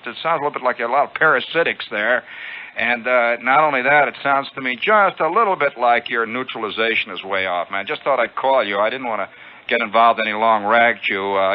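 Condescending veteran male ham, put on by a man: raised pitch, curt brush-offs, lo-fi radio sound. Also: natural voice. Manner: blunt, dismissive, hemming with "uh". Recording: lo-fi old radio broadcast.

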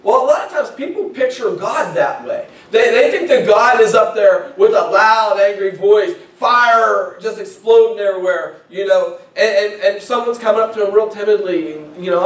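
A male pastor with a high, slightly bright voice preaches conversationally at a moderate pace with few pauses, often repeating words as he begins a phrase. He's recorded from far off in an echoey church sanctuary.

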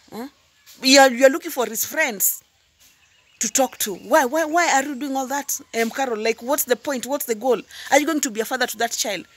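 A woman's voice: a little high, no room sound. A woman giving impassioned commentary as a YouTube reactor, firing rhetorical questions and prodding with "hmm?" and "huh?". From Tanzania. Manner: repeats words when worked up, then drops into calmer asides.

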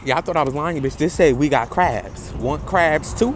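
A man's voice: a little high, animated, brisk, few pauses, background noise. A man vlogging outdoors in a parking lot by his bus, talking to the camera held at arm's length in a brash, profane, theatrical way. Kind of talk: casual travel vlog to camera.

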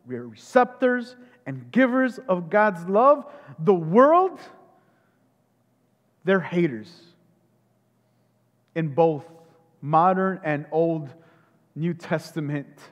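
A male pastor preaching at an unhurried pace, with a high voice and a long reverberant tail from the church hall. He leans on rhetorical questions and repeated phrases to press each point home. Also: big pitch swings. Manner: rhetorical questions, emphatic repetition, frequent restarts. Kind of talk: sermon.

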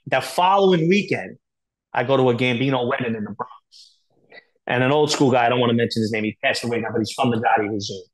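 Fast-talking blunt man telling stories. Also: medium pitch, low-quality recording. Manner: rapid, blunt, profane, filler-heavy storytelling. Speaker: podcast guest. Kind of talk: candid storytelling interview.

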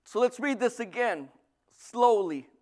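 A male pastor preaching a sermon, lively, swinging from loud bursts to soft asides. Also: very high-pitched, unhurried.

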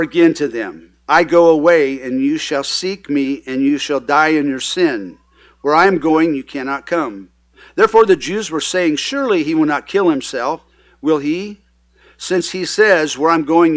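A male pastor reading scripture and preaching a conversational sermon with fillers and restarts. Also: a little high. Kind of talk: sermon, Bible reading with commentary. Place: church sanctuary.

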